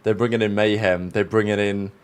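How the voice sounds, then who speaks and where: A man co-hosting a casual esports podcast, measured and wry in his remarks. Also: lowish voice, little pitch movement, clear, resonant tone. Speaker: podcast co-host.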